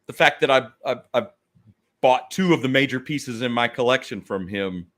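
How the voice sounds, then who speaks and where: A man's voice: medium pitch, animated, normal speed, fairly bright tone. A man chatting as a guest on a livestream video call, rambling enthusiastically and poking fun at himself. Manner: rambling, enthusiastic, self-deprecating. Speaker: guest toy collector. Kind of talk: casual livestream chat.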